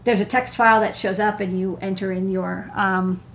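A woman's voice: mid-range voice, steady tone, a little hiss or hum. A woman hosting a casual electronics show from her desk, chatty and rambling, a little phlegmy and stuffy. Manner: chatty, quick asides, many "like" and "um". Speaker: show host and electronics engineer. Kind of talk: casual chat and tech demo. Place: home desk indoors at night.

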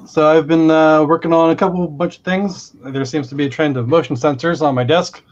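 A man gives a relaxed, playful walkthrough of a gadget demo. His audio comes through dull and lo-fi. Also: on the high side, brisk. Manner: easygoing, playful wording. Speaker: maker demoing sensors. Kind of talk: casual demo chat.

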